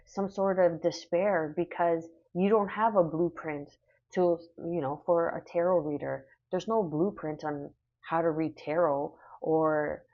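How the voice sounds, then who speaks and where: A woman's voice: lowish voice, steady tone, unhurried, lo-fi sound. A woman doing a casual spoken tarot reading, rambling and reassuring with many fillers. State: hiccuping. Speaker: tarot reader.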